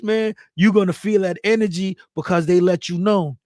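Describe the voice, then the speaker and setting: Man, high voice, dry close sound, hyped shout-outs, speech, casual livestream host. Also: a little fast, hardly any pauses, no room sound. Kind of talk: casual livestream chat reading viewer comments.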